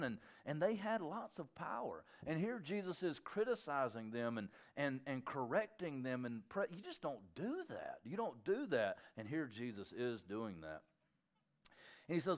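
A man preaching a sermon in a conversational, animated way, with asides to his listeners and frequent restarts. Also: mid-range voice, moderate pace.

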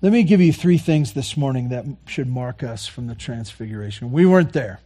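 A man preaching a sermon, earnestly repeating key phrases and moving between quiet, soft lines and louder passages. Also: mid-range voice, animated, brisk. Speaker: pastor.

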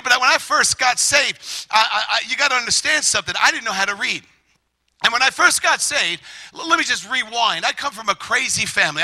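A middle-aged man preaching a lively testimony sermon, shouting and animated, acting out quotes as he tells the story. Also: very high-pitched, low-quality recording.

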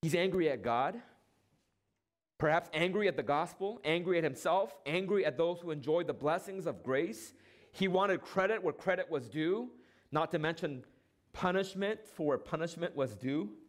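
A high-voiced pastor preaches with lively intonation, throwing out rhetorical questions and holding dramatic pauses. When he quotes someone, he briefly acts the lines out.

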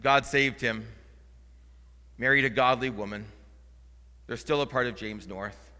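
A male interim pastor preaching a sermon, moving between quiet, earnest storytelling and loud, fervent proclamation. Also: mid-range voice, a little slow. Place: church sanctuary. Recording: church hall reverb.

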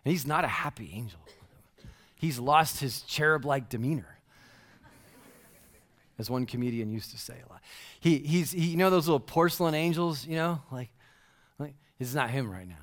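High-voiced man preaching playfully. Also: moderate pace, pauses often. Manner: playful, slangy, animated asides. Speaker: pastor. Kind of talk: casual humorous sermon.

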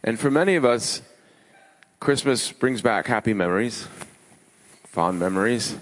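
A man preaching a sermon as pastor, emphatic, building his lists with rising pitch. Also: expressive, measured pace. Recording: long hall reverb.

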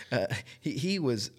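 A man in a casual Bible discussion podcast who laughs often and, when reading a long commentary aloud, reads it deliberately. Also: medium pitch, a little mellow.

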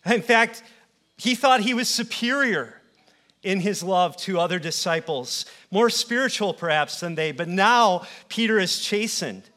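A man with a fairly high voice delivers an earnest sermon in a church. He builds his points through repetition, then drops to hushed tones to let them land. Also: animated, a little slow. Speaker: pastor.

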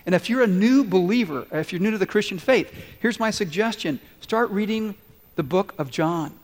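A man's voice: high voice, expressive, moderate pace. A man pastor preaching a sermon in a large church, earnest and conversational, putting questions to the congregation. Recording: long hall reverb.

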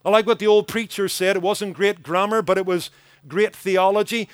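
A man's voice: sits high, steady tone, moderate pace, smooth, no echo. A man preaching a sermon as pastor, earnest and emphatic, building points through rhythmic repetition.

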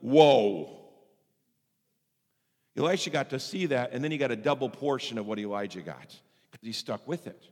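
A man pastor preaching a sermon with strong emphasis, swinging between loud and soft passages. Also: medium pitch, animated, fairly quick. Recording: long hall reverb.

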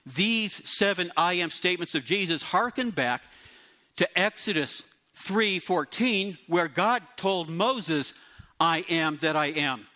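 Middle-aged male pastor, bright slightly high voice, teaching sermon. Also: slow pace. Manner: teaching, explains Greek words, lively emphasis.

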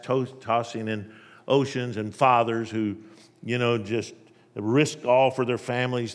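A male preacher giving an emphatic sermon, telling a parable and shifting between loud and soft delivery. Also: mid-range voice, big-room sound.

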